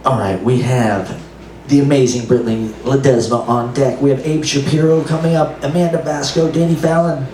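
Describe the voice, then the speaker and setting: A man hosting an open mic night, hyping up the crowd with loose, excited banter. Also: medium pitch, fairly quick, hardly any pauses. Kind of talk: emcee banter. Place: bar open mic room. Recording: roomy, distant mic, noisy room.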